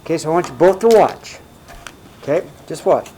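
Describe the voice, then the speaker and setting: A man's voice: fairly high pitch, lively intonation, brisk, mellow, rough recording. Casual male math teacher, faint hiss. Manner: casual, checks in often with "right?" and "okay?". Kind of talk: recorded math lesson.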